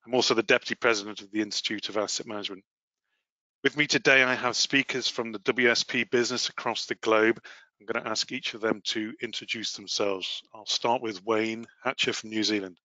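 Guy hosting a work webinar, bright forceful voice, kinda muffled dry call audio. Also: lowish voice, steady tone, dry recording. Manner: measured, formal presenting with occasional fillers. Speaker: webinar host and asset management lead. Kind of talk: prepared webinar presentation.

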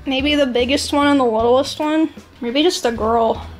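Woman vlogger with a high voice, casual and excitable, cooing at puppies at home; faint music behind. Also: moderate pace, poor audio. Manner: coos and scolds puppies in a playful, excitable way. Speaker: streamer vlogging her day. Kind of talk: casual vlog chat.

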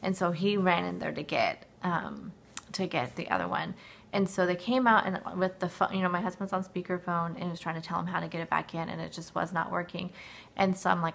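Woman, 40s, vlogger: low gravelly voice, dry-throated, rambling and full of fillers and restarts. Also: fairly quick, fairly bright tone, slight background noise. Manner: rambling, filler-heavy storytelling with many restarts. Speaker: weight-loss vlogger. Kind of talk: casual chat to camera. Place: at her desk at home.

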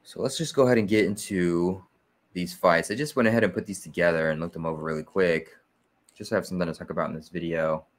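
Low-voiced guy going over his sports picks on his channel, steady and methodical, lots of uhs. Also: fast. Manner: steady, methodical, with frequent "uh" fillers. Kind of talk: casual explanatory video walkthrough.

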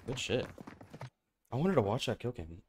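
A man's voice: mid-range voice, warm tone, a little hiss or hum. A man streaming a video game, chatting in a playful, rambling way and coughing now and then. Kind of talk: casual gaming stream chat.

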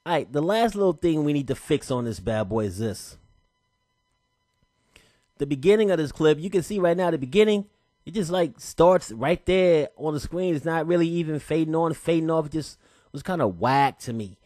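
A man with a fairly high voice walks through a software tutorial in a relaxed, chatty way, tossing in casual slang as he goes. The sound is dry and close, with no room around it. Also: normal speed, dry recording. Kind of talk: casual screen-recorded tutorial.

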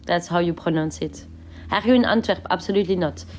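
A woman's voice: fairly low pitch, brisk, a little mellow, soft background music. A young woman, sick, chatting casually on a livestream from her bedroom, reading out viewer comments and laughing often.

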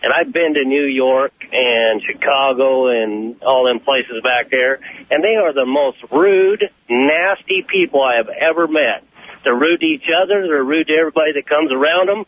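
A man's voice: mid-range voice, normal speed, no room sound. Brief: male caller from Oregon, ex-trucker, blunt and indignant, over a tinny phone line. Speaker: caller, former long-haul trucker. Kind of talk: call-in radio rant.

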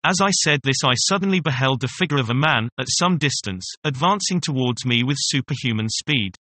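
Reading a classic novel as scripted first-person narration, a male audiobook narrator keeps a steady, measured storytelling style. His voice is medium in pitch, and the recording is dry.

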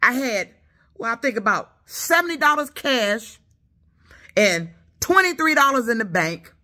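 A woman from Detroit whose speech carries a Southern lilt rants at her commenters from the couch of her apartment. Her voice is high and bright, swinging widely in pitch as she stammers, repeats herself and presses her point with indignation. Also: very animated, unhurried. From Detroit, USA. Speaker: YouTuber. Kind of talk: angry rant at commenters.

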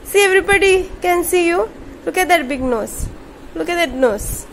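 A woman with a strikingly high voice playfully scolds and teases her pet at home. She speaks in quick, coaxing bursts. A faint hiss of noise sits under her voice. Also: expressive. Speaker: pet owner filming her dog. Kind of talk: casual talk to a pet and viewers. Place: at home indoors.

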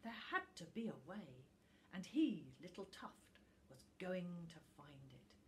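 A woman reads a children's story aloud in an unhurried, deliberate way and lingers on her words. Her pitch rises and falls in lively swoops as she dramatizes the tale. A faint room ambience hums behind her. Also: slight background noise. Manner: animated, expressive pacing with dramatic pauses. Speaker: teacher reading aloud.

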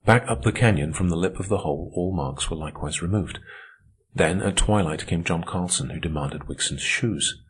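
A man reading an audiobook as narrator, in a measured, steady way. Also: sits low, husky. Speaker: audiobook reader. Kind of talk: scripted narration.

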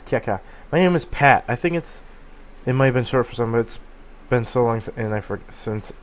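A man voicing a smug, fashion-proud male duck creature who loves pranks and teases fast, reading game dialogue aloud. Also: mid-range voice, lightly acted. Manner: fast, smug teasing with cackling laugh.

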